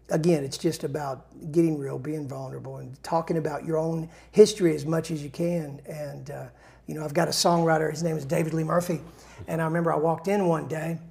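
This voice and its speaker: A man's voice: a little high, gravelly, mellow. A male songwriter in a casual interview, rambling through stories with restarts and self-deprecating humor.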